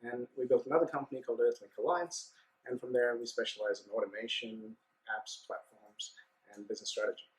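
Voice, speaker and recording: Man, podcast guest, casual storytelling, mid-pitched voice. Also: fairly quick, low-quality recording. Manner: animated anecdote-telling with acted-out dialogue.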